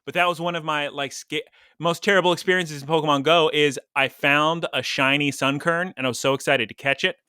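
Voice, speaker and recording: A man's voice: a little high, steady tone, fairly quick, pushed and bright, smooth, no echo, clean studio sound. A man co-hosting a podcast, chatting casually and rambling, laughing now and then. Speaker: podcast co-host.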